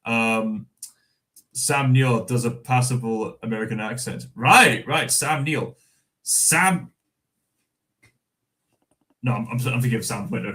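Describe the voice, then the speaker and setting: A young Scottish man hosting a casual livestream, halting and full of fillers, answering chat comments and reading from a magazine. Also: medium pitch, fairly even intonation, a bit bright, low-quality recording. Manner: rambling, halting, with many fillers and restarts. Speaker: livestream host.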